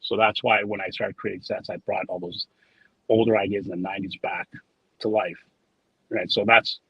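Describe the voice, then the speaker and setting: Speaking at a moderate pace, this guest has a husky voice on the low side with fairly even intonation. He designs trading cards and, in casual interview talk, rambles and repeats words through anecdotes with quoted dialogue. The recording is dull lo-fi and dry, with no echo.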